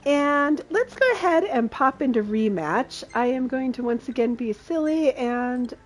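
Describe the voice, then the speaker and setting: Giggly high-voiced woman streaming a game. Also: expressive, a little slow. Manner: giggly and playful, laughs often. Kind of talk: casual gameplay commentary.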